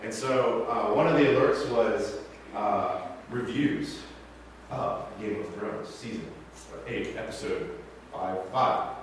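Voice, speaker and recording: A man's voice: on the low side, takes it slowly, slight background noise. A man in his thirties, a pastor telling stories in a casual, chatty sermon full of asides. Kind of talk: conversational sermon storytelling. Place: church sanctuary. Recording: very echoey hall, mic far off.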